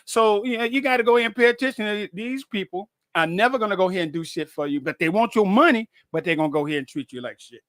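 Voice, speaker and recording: Man, high bright voice, stammering, profane, casual talk, dry sound. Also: quick pace, hardly any pauses, dry recording. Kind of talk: casual conversation.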